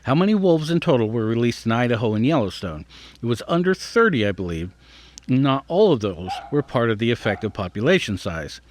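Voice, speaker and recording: A man's voice: medium pitch, sing-song, a little fast. A man reading an article aloud and adding his own thoughts, sometimes stumbling over hard words. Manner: reads aloud, then breaks off to muse and stumble over words. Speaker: podcast host.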